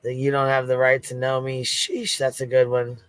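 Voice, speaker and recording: A woman's voice: extremely low pitch, monotone, moderate pace, clear, resonant tone, no room sound. A woman hosting a stream, reacting to clips with sarcastic, mocking commentary. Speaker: host.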